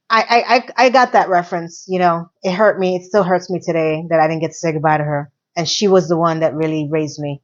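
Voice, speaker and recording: A woman's voice: fairly low pitch, brisk. Sarcastic woman reviewing TV, lo-fi. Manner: animated, sarcastic, swings between loud and soft. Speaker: TV review vlogger. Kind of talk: casual chatty review.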